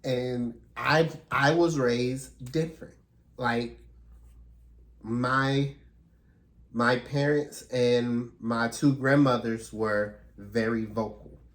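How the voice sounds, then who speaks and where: A man's voice: medium pitch, steady tone, drawn-out words. A man talking earnestly and reflectively in a casual, heartfelt conversation as a podcast co-host.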